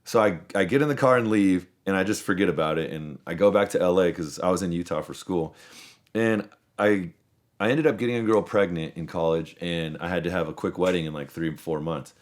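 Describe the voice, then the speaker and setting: A man's voice: sits low, brisk. A man in his thirties hosting a podcast, telling long, rambling stories in casual chat and swearing freely. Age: 30s. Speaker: podcast host.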